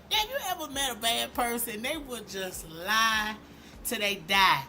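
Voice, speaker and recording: A woman hosting a commentary vlog, talking in an animated, emphatic and sarcastic way. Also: fairly high pitch, measured pace, a little hiss or hum. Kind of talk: opinionated commentary.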